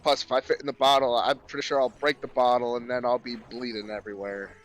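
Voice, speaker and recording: A man's voice: mid-range voice, little pitch movement, fast talker, fairly bright tone. A man chatting during a game with friends, easygoing and rambling, often repeating himself mid-sentence. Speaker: friend playing along on stream. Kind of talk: casual gaming banter.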